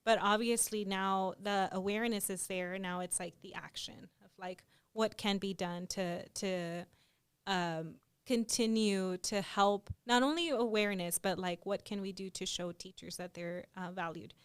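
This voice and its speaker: A young adult woman co-hosting a podcast, talking in an animated, chatty way with lots of "like" fillers. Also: mid-range voice, a little slow, clean tone. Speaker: podcast co-host. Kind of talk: casual conversational chat.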